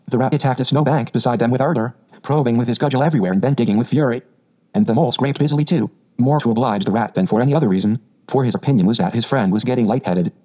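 A man narrating a children's story aloud in a steady, measured way on a dull lo-fi recording. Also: mid-range voice. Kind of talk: audiobook reading.

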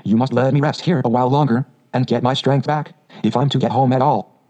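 A small, frightened male mole from a storybook, exhausted and a little pleading, as a man reads him. His voice is soft and mellow, lifted only slightly. The recording has a dull, muffled sound. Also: medium pitch, fairly even intonation, a little fast, close to an everyday voice. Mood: weary.

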